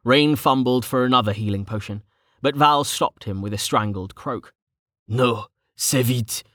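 Male audiobook narrator, steady fantasy read, middle pitch, dry close mic. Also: normal speed, no echo. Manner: steady storytelling.

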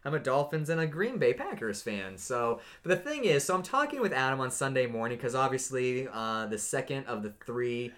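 A man co-hosting a casual sports podcast, ranting with sudden jumps in excitement. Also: brisk, few pauses. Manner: animated ranting, pitch jumps when worked up. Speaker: podcast co-host.

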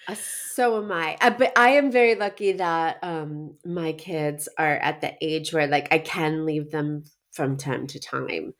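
A woman co-hosting a podcast in casual chat, her voice hoarse from a chest cold, chatty and quick to laugh at herself. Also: low-pitched. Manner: chatty, laughing, self-mocking. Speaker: podcast co-host.

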